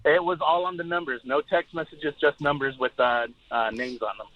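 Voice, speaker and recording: Halting male radio caller. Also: fairly high pitch, steady tone, lo-fi sound. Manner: halting, with many fillers. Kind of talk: telling a story on air.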